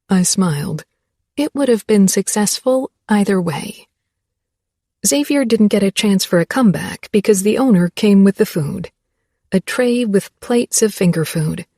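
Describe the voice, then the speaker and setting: A woman's voice: medium pitch, expressive, measured pace, mellow, no echo, clean studio sound. A woman narrating a first-person romance audiobook with a wry, playful manner.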